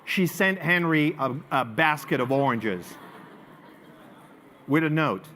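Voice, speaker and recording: A man from France with a French accent, giving a live marketing presentation to an audience as an animated storyteller who swings between loud emphasis and quiet asides. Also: on the high side, slow pace, pauses often, slight background noise. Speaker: marketing speaker.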